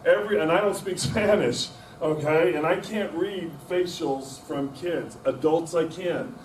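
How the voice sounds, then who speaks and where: A man's voice: on the high side, measured pace. A middle-aged man with a slightly raised voice tells folksy, rambling stories full of self-deprecating jokes. He is picked up from across a club meeting room, so his voice sounds roomy and distant, with a faint hum of room noise behind him. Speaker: guest speaker. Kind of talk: anecdotal storytelling talk.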